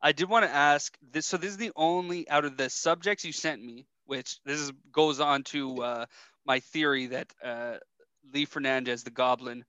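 A man's voice: fairly high pitch, fairly even intonation, normal speed, pushed and bright, clean tone, no room sound. A young man co-hosting a podcast, telling rambling stories and laughing often in casual chat. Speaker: podcast co-host.

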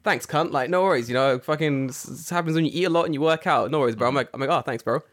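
A man telling a long story in casual chat, animated and full of swearing, acting out other people's voices. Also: on the high side, very fast. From United Kingdom.

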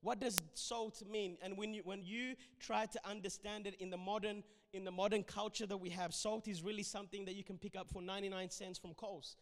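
Male preacher, high voice, emphatic sermon, church reverb. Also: little pitch movement, brisk, few pauses. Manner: emphatic, urging the congregation. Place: church hall.

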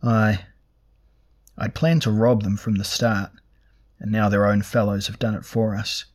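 Man reading a cool, flat-toned sorcerer lord, low and unmoved. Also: measured pace. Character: cold, emotionless albino sorcerer lord.

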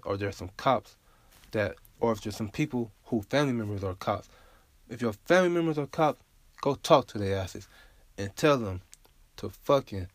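On his own podcast, a man with a mid-range voice speaks casually and without a filter, blunt and full of profanity, frequently checking in with "you feel me?" There's no echo.

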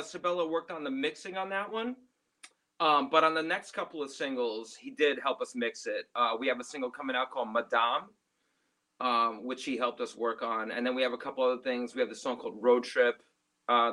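A man's voice: medium pitch, steady tone, brisk, bright, forceful tone. A man who is a guest musician, chatting in an easygoing, friendly way. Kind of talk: casual interview chat.

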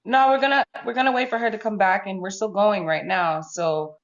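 A woman's voice: medium pitch, brisk, dull audio. A woman hosting a live audio chat room, welcoming and organized, keeping things on schedule. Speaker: room host.

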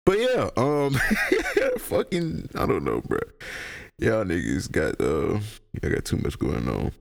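A young man, high and rambling through a casual, profane solo podcast rant. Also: wildly swooping pitch, slow, vocal fry. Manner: rambling, profane, laughs a lot. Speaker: podcast host.

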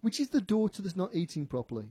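A man working as a psychic medium on the radio, animated, often repeating himself and quoting what a spirit tells him. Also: high voice, fast talker, slightly rough, no room sound. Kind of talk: on-air psychic reading. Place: radio studio.

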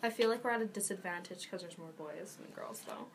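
A woman's voice: medium pitch, a little fast, creaky, a little hiss or hum. A woman guest on a podcast debate, casual and defensive.

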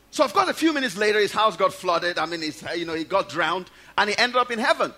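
A man's voice: sits high, expressive, quick pace, hardly any pauses, bright, forceful tone. A man preaching a sermon, reading scripture and telling stories, asking the congregation rhetorical questions.

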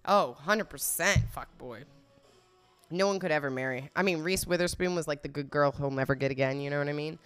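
A woman's voice: sits low, brisk, a bit bright, clean tone, soft background music. A woman giving casual, blunt and profane commentary, laughing often as she reacts to a video.

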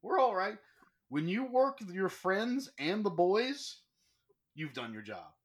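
A man who is a professional wrestler, telling lively anecdotes as a guest in a casual interview. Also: high voice, slow pace. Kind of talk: casual storytelling.

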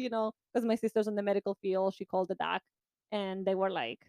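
A woman co-hosting a podcast, telling a story in a casual, animated way and laughing often. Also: medium pitch, fast, no echo. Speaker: podcast co-host. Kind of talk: casual chat.

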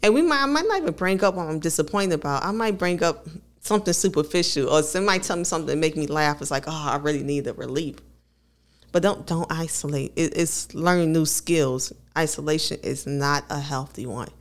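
A woman's voice: low-pitched, a little fast. A woman co-hosting a podcast, talking candidly and laughing often as she tells personal stories. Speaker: podcast co-host. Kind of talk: casual conversational podcast.

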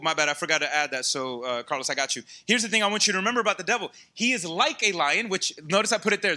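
A man delivers a sermon in a high, very bright voice. He preaches casually and with energy, turning to his listeners with quick asides. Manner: conversational, animated preaching with asides to the congregation. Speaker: pastor.

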